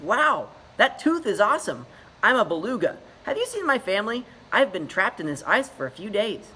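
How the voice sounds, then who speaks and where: A man's voice: high voice, very animated, normal speed, pushed and bright, slightly rough, voice pushed up, exaggerated voice. A man voicing a friendly young beluga whale in a picture book story, eager and bouncy. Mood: chirpy.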